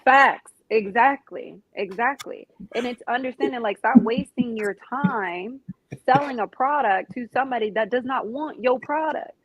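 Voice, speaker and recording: A woman's voice: on the high side, moderate pace, dull audio. A woman hosting a casual conversation, emphatic and agreeable, speaking in a slangy way. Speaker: podcast host.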